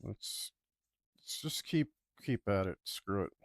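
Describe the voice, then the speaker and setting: A man's voice: lowish voice, expressive, takes it slowly, dry recording, studio quality. A man, a digital artist, chatting casually while he draws, rambling with lots of fillers and repeats. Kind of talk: casual chat while drawing.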